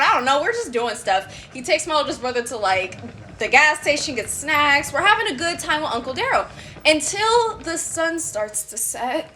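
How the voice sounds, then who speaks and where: A woman telling a true story from her childhood in a casual, animated, chatty way with lots of fillers. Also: sits high, slight background noise. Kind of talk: casual storytime while crocheting.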